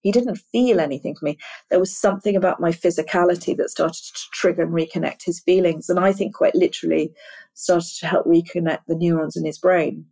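A middle-aged woman in a candid interview, her low voice carrying a gravelly rasp. She speaks earnestly and thoughtfully, stumbling and repeating words as she searches for what she means. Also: steady tone, a little fast, warm tone. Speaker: interview guest, screenwriter.

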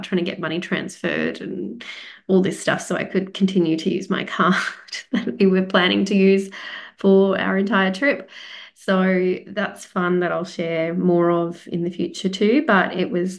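A middle-aged woman from Australia with an Australian accent, telling a casual travel story as a podcast host, chatty and rambling with many fillers. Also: on the low side.

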